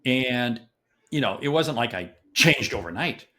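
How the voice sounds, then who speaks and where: An older man being interviewed as a sales expert on a podcast, talking in an emphatic, animated way and repeating words for stress. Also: mid-range voice, measured pace.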